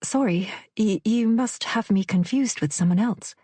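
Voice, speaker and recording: A woman's voice: medium pitch, a little slow, warm tone, breathy edge, no echo, pitched above the performer's own voice. A woman voicing a young waitress who puts on a fake English accent, speaking primly and politely in an audiobook. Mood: flustered, prim. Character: young woman waitress, flustered but determined.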